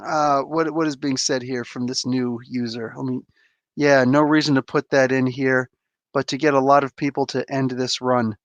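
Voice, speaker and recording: A man's voice: medium pitch, steady tone, normal speed, no room sound, lo-fi sound. A man hosting a live comic book review, ranting in an exasperated, blunt way, swearing casually and calling out viewers in chat. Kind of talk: heated live review rant.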